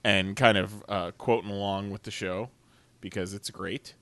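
A man's voice: fairly low pitch, fairly even intonation, normal speed, fairly bright tone, no echo. A man co-hosting a podcast in casual chat, ranting with plenty of swearing and frequent laughs. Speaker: podcast co-host.

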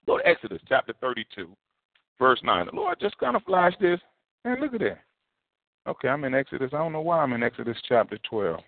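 A man preaching a sermon, in a lively conversational style that repeats and restarts phrases. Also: mid-range voice, fairly quick, dry recording. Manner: animated, repetitive, conversational preaching. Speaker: pastor. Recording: tinny phone-like sound.

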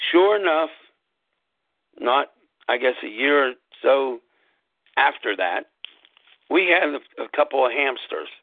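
Gravelly man on a tinny line. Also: medium pitch, no room sound. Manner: slow, deliberate, spells things out letter by letter. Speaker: podcast host. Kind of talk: casual storytelling monologue. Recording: tinny phone-like line, dry.

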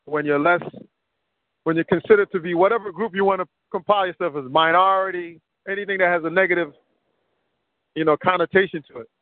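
A man with a high voice talks casually on a call, fast and steady in tone, rambling and piling up examples while sounding a bit winded. There is no room sound, and it comes over a tinny phone line.

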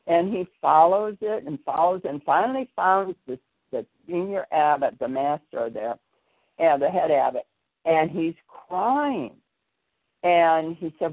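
A man's voice: a little high, lively intonation, measured pace, no room sound. A man hosting a podcast in a casual chat, telling a long story full of fillers and detours. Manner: meandering, with frequent fillers. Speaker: podcast host. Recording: tinny phone-line sound.

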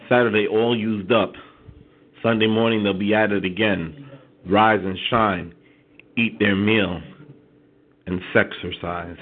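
A man's voice: lowish voice, breathy edge. A man calling in to perform spoken word poetry in a rhythmic, wordplay-heavy delivery. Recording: phone line.

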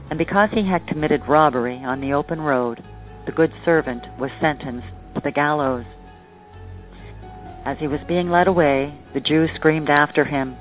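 A male podcast host reads a storybook tale in a steady, deliberate manner, his voice pitched a little high. The sound is narrow and phone-like, and faint music runs underneath. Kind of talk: storybook reading.

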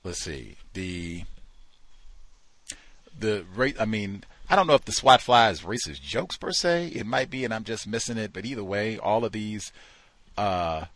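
Talk host, male, low dry voice, incredulous and mocking, acts out quotes. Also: sing-song, a little slow, a bit bright, no echo. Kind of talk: call-in talk show commentary.

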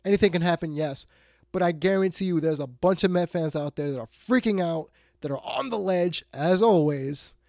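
Male sports radio host, blunt and exasperated, fairly high voice, dry close mic. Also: no echo. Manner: blunt, exasperated, swings between loud outbursts and muttered asides. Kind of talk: ranting sports talk monologue.

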